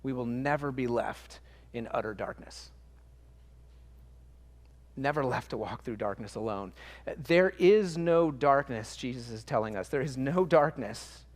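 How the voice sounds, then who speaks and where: A man's voice: mid-range voice, unhurried, in a large hall. A man preaching a sermon in church, earnest and emphatic, stacking up repetitions and restarting phrases as he works through a thought. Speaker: pastor.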